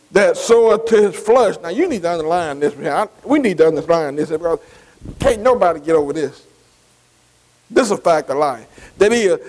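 High-voiced preacher with emphatic cadence. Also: male voice, a little mellow. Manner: emphatic call-and-response, repeating "see" and "amen"; drawn-out, stressed scripture phrases. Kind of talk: sermon. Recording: long hall reverb.

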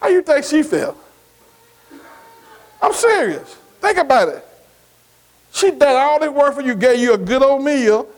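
His voice extremely high and sing-song, the preacher moves at a measured pace and pauses often. He stays folksy and emphatic, drawing call-and-response agreement from the congregation, all on a rough recording.

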